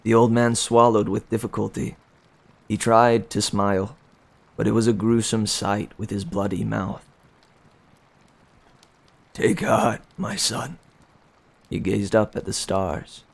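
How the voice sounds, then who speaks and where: A man reading a novel aloud in plain, unhurried storytelling. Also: on the low side, little pitch movement, gravelly. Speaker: reader.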